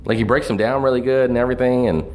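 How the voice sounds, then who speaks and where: A man's voice: medium pitch, fairly even intonation, very fast, darkish tone, slight background noise. A man ranting casually about movies, profane and rambling, with lots of fillers and restarts. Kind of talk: casual movie review rant.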